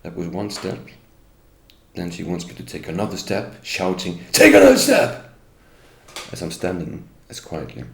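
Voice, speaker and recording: A man's voice: sits low, steady tone, normal speed, creaky. A middle-aged man, an English speaker, giving a bitter, indignant first-person account as an interviewee and turning to address the police directly. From Norway. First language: Norwegian. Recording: roomy echo with faint ambience.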